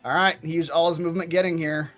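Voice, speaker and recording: A man's voice: a little high, steady tone, fast talker, a bit bright, soft background music. A man narrating as game master in a tabletop game, speaking with frequent fillers and restarts.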